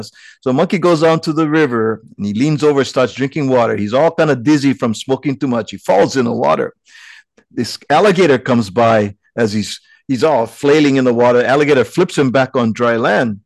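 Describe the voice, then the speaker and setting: Host, male, gravelly and easygoing, joke-telling on a video call, dry close sound. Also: mid-range voice, fairly quick, no echo. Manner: easygoing, laughing, local pidgin-flavored phrasing. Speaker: host of a virtual community gathering. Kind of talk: casual chat and joke storytelling.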